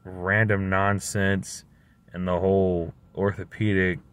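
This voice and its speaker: A man's voice: sits low, little pitch movement, slow, smooth, dry recording. A man telling a story in a casual, rambling, exasperated way, full of slang. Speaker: vlogger.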